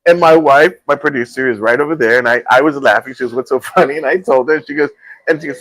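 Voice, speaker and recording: A man's voice: mid-range voice, no echo. A man hosting a casual morning show from a taco restaurant, telling stories and laughing often. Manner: animated, laughs often, quick storytelling. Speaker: host.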